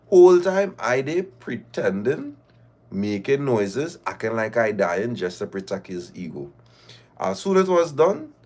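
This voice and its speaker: A man's voice: medium pitch, a little mellow. A man, hosting a live show and reading listener stories aloud with laughing, mock-outraged asides.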